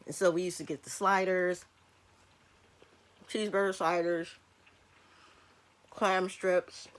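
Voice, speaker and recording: Chatty woman vlogger, lower voice. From Michigan, USA. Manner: chatty, laid-back, fillers like um and like. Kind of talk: casual mukbang chat. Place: bedroom.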